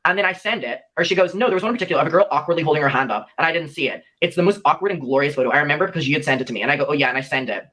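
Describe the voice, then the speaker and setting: A man's voice: a little high, animated, racing, few pauses, pushed and bright. A young man recounting a personal story in a played clip, animatedly acting out the lines of the people he quotes.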